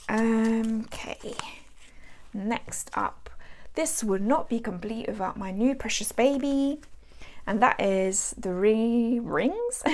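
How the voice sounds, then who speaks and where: A British woman hosting a tarot channel, chatting casually about her decks in a rambling way, with self-mocking asides. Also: on the high side. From England.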